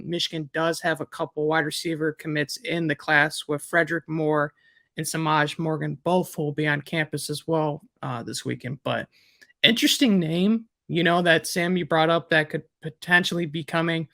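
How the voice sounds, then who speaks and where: Bright-voiced Midwestern man, rambling. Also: fairly high pitch, vocal fry, no echo, clean studio sound. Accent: Midwestern American. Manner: rambling, many fillers and restarts. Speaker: recruiting analyst co-host. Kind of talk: casual sports podcast chat.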